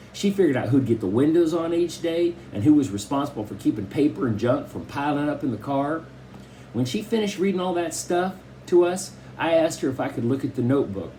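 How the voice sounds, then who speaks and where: A man narrating a children's novel as an audiobook reader, storytelling expressively. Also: slight background noise. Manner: expressive storytelling with shifting pitch. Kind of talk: scripted narration.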